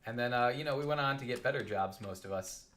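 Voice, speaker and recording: A young adult man telling a rambling, animated story while playing a game on a live stream. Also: medium pitch, fast.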